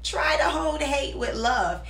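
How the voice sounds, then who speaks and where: Woman, host, promo read, motivational, high-ish voice, roomy echo. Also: expressive, slow pace, fairly bright tone, distant mic. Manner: encouraging, motivational. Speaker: show host.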